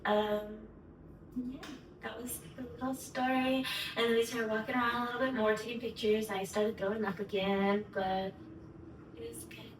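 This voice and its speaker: A woman's voice: a little high, flat delivery, moderate pace. A young woman vlogger telling a story to camera in a gushing, chatty way, full of "like". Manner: gushing, chatty, heavy use of "like". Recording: echoey room, mic at a distance, background noise.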